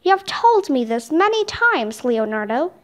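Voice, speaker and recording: A woman voicing a gruff, grumbling man who sells birds at a market, barking his lines in a storybook reading. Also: high-pitched, big pitch swings, measured pace. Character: gruff grumbling male market bird seller.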